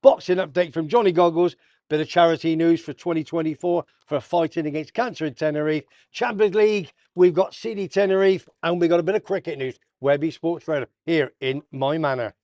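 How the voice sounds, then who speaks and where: A man's voice: fairly high pitch, brisk, darkish tone, dry recording, dull audio. A man hosting a casual sports roundup vlog, full of jokey banter and slang. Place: south of Tenerife.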